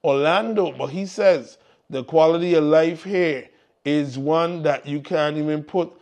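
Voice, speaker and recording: A man with a lilt hosts a live community show in easy, casual chat. His voice sits a little high, and he keeps repeating his encouragements to the listeners in an upbeat way. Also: unhurried, a little mellow. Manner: upbeat, repetitive exhortations to the audience. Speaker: morning show host.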